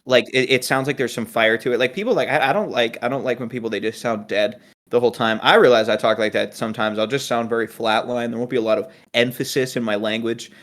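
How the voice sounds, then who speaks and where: A man's voice: medium pitch, steady tone, quick pace, few pauses, fairly bright tone. A man from New England co-hosting a casual podcast, rambling, stopping himself mid-thought and joking around. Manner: rambling, self-interrupting, playful. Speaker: podcast co-host.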